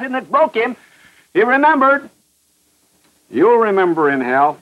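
A man's voice: extremely high pitch, sing-song, a little slow, pauses often. A man preaching a fervent sermon, hammering his points with repetition and rhetorical questions. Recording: muffled old radio broadcast.

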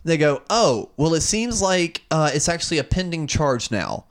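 A man's voice: on the high side, sing-song, normal speed. A young man telling a long, profane, exasperated story in casual chat, acting out both sides of customer service calls.

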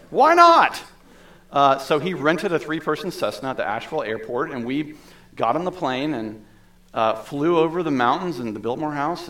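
Man preaching a conversational sermon. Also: mid-range voice. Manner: conversational, with asides and laughs. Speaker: pastor.

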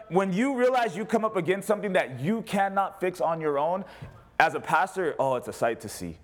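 Man, pastor, sermon, animated, loud cries and quiet asides, slightly high voice. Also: brisk.

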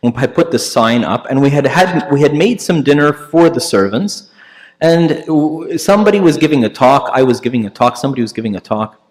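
This priest is animated and speaks fairly quickly as he tells a sermon story. His delivery is conversational with frequent fillers and restarts, and quoted people come out louder and higher as he performs them.

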